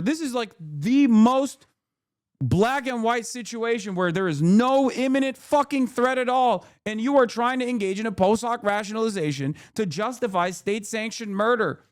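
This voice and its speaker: A man in his thirties rants on a live stream, swearing constantly and stacking up angry rhetorical questions. His voice sits high for a man and stays sharp and heated. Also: lively intonation. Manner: angry, profane, rapid-fire rhetorical questions. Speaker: political commentator streamer.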